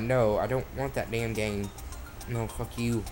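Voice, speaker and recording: A man's voice: mid-range voice, normal speed, soft background music. A man playing a phone game, swearing constantly as he comments, with sudden frustrated outbursts, recorded on the phone's own mic. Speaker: mobile gamer. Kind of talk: profane let's-play commentary.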